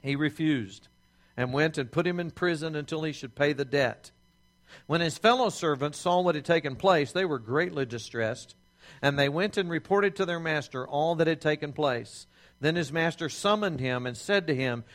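Earnest preacher man, slightly high voice. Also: fairly bright tone. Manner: earnest preaching, slows and stresses key phrases; reads scripture aloud with pleading quoted voices. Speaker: pastor. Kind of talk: sermon.

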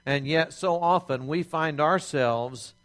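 A man preaching a sermon as pastor, slowing down to stress key phrases and reading scripture aloud. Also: a little high, a bit bright. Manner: reads scripture aloud with pleading quoted voices.

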